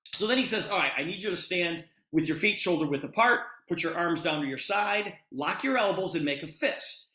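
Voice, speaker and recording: A man's voice: on the high side, pushed and bright, reverberant. A man giving a sales presentation, retelling a conversation with lots of quoted dialogue. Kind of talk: storytelling sales pitch.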